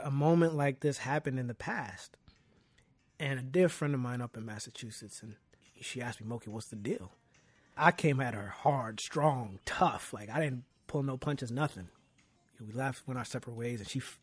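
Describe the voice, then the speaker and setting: A man speaking as a podcast guest, an earnest and animated storyteller in casual conversation. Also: medium pitch, dry recording.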